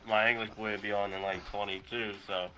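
A man's voice: on the low side, level tone, brisk, pushed and bright, a little hiss or hum, poor audio. A young man chatting with his squad over a headset, calling out enemies and swearing. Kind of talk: casual gaming chat.

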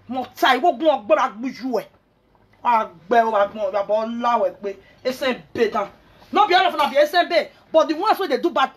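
A woman's voice: sits high, a bit bright, slightly rough. A Nigerian woman vlogger ranting angrily and scolding, mixing in pidgin. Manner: angry, scolding, mixes pidgin and Yoruba. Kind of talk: angry rant.

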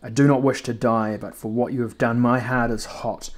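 A man voicing a proud, bitter old male dwarf, grudging and gravelly in his speech in a storybook reading. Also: medium pitch, steady tone, normal speed, natural voice. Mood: fierce.

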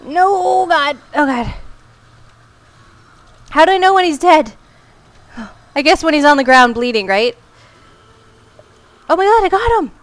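A woman's voice: high voice, animated, measured pace, pauses often. A woman giving let's play commentary as she plays, reacting aloud, exclaiming and muttering to herself. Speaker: gamer.

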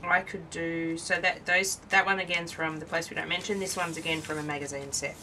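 Her delivery is flat and brisk, though her lowish voice sounds bright and forceful. The tired Australian craft host rambles and cuts herself off while showing her work, recorded poorly from a distance with a slight hiss or hum.

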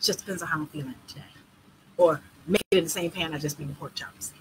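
Brash woman tour organizer, foul-mouthed and lively, bright voice, faint background noise. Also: deep voice, a little fast, poor audio. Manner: blunt, profane and animated. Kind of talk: casual live video Q&A.

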